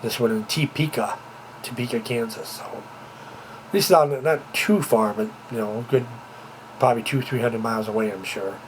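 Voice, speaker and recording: A man's voice: mid-range voice, normal speed, poor audio. Guy rambling at home into his camera, ums everywhere, bit of faint noise behind. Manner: rambling, repeats himself, many fillers. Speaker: vlogger. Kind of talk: casual home video chat. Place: at home, indoors. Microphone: handheld camera, moving about.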